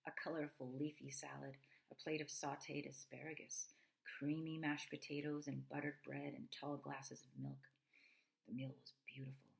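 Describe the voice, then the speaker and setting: A woman reading a children's novel aloud, expressive, with asides to her listeners. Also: deep voice, vocal fry, poor audio. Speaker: reader.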